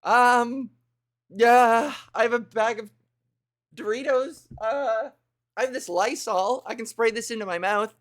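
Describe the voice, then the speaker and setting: A woman's voice: on the high side, moderate pace. A woman hosting a comedy livestream, chatting casually with viewers in a rambling, crude, playful way. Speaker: comedy streamer host.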